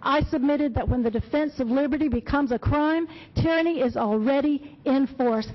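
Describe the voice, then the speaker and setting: A woman's voice: high-pitched, moderate pace. A woman speaking at a public comment podium, delivering a prepared, impassioned and emphatic speech with quotations. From Florida. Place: county commission meeting room. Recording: dull lo-fi public meeting audio.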